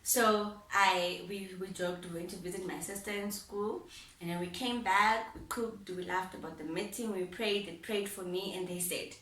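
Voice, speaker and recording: A woman's voice: medium pitch, normal speed, a bit bright, a little hiss or hum. A young woman vlogger telling a personal story in a heartfelt way, repeating phrases and laughing often. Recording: roomy sound, mic at a distance.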